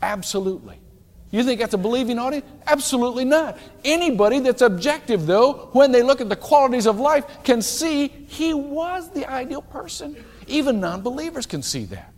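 A man preaching a sermon as a pastor, animated and emphatic, with many rhetorical questions to the congregation. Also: very high-pitched, big-room sound. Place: church sanctuary.

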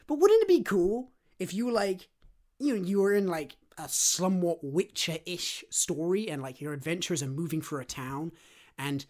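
A man co-hosting a casual podcast chat, excitable and rambling, full of fillers. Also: sits high, normal speed. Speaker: podcast co-host.

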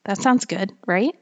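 A woman writer talking alone on her podcast in a rambling, chatty way, with a slightly whiny voice, many fillers and frequent laughter. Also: fairly low pitch. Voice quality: self-described whiny voice. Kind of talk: casual solo monologue.

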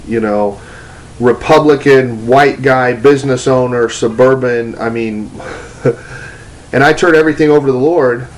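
A man's voice: medium pitch, low-quality recording. A man giving a teaching talk, telling a personal story in a loose, conversational way with restarts and fillers. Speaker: preacher, ministry teacher. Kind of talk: testimony-style teaching talk.

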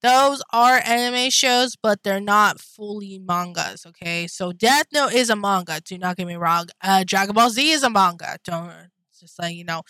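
A woman's voice: medium pitch, moderate pace, sharp tone, dry recording. A young woman vlogging casually, rambling with lots of fillers and talking straight to her viewers, blunt and swearing when riled. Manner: rambling, chatty, full of fillers and asides to viewers. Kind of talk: casual anime chat.

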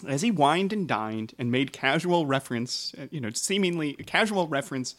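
A man co-hosting a comedy history podcast, telling the story in a steady way between jokes. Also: a little high, normal speed. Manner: steady storyteller, breaks into joking voices.

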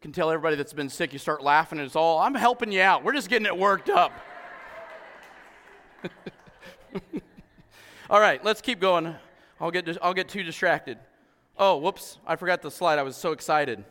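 A male pastor preaching an animated sermon, acting out voices and laughing often. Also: fairly high pitch, moderate pace, long pauses, in a large hall.

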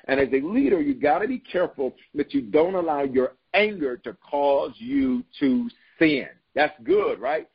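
Husky-voiced guy preaching leadership, repeats lines, calls out to listeners, kinda dull lo-fi sound. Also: fairly high pitch, lively intonation, normal speed, hardly any pauses. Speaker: bishop and leadership podcast host.

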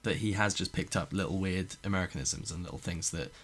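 A man's voice: low-pitched, fast talker, a bit bright. A man hosting a podcast, rambling and swearing in casual chat. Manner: rambling, swearing, many restarts. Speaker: podcast host.

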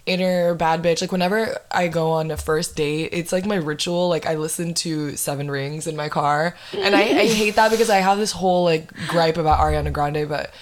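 A young woman in her twenties, a podcast host telling a dating story in casual chat, animated and full of "like". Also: sits low, normal speed, few pauses. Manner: animated, heavy use of "like".

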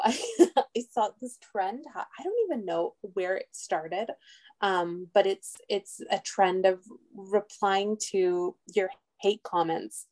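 A woman's voice: medium pitch, a little mellow. A woman as a podcast guest in casual chat, laughing often and using "um" and "literally" a lot.

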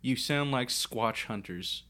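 A man's voice: medium pitch, slow pace, sharp tone. Crude, joking man co-hosting a podcast. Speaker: podcast co-host. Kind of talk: casual chat.

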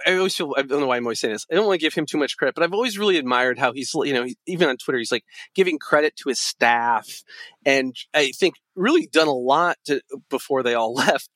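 A man guesting on a podcast, chatting casually with halting restarts and self-deprecating jokes. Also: mid-range voice, fairly bright tone, dry recording. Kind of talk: casual chat.

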